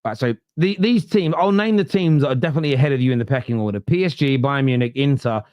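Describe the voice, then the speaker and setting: A man talks football casually, as a podcast host riffing on chat comments. His voice sits mid-range and jumps higher when he gets worked up. The sound is dry and close to the mic. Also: quick pace, no room sound. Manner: animated storyteller, often rising in pitch when worked up.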